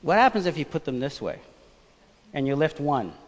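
A man preaching a sermon, telling a personal story in a conversational, animated way. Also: on the high side, moderate pace. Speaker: pastor. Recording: long church reverb.

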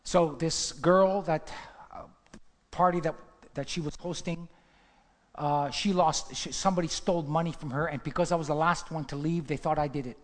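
A male preacher with a somewhat high voice delivers a testimony sermon, telling the story dramatically and rising into fervent exhortation. His voice rings out with a long hall reverb around it. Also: fairly even intonation, moderate pace.

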